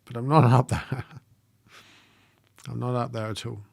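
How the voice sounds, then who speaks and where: A man speaks in a soft, halting way, pausing on frequent ums and letting small laughs slip in. The sound is close and dry, with no room behind it. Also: mid-range voice, level tone, vocal fry, breathy edge, no room sound. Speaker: meditation livestream host. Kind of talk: live-streamed reflective talk, reading viewer comments.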